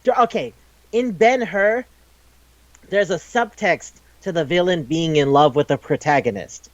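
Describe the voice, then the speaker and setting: A man with a somewhat high voice talks casually on a podcast, rambling loosely, swearing and acting out quoted lines. The recording is dry and a little dull. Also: a little slow, no room sound. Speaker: podcast co-host. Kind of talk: casual chat retelling a manga.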